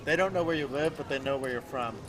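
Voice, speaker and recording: Teasing guest poker commentator. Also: male voice, on the high side, fast. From New Jersey, US. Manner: teasing, friendly. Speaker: guest commentator, festival insider. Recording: crowd noise behind.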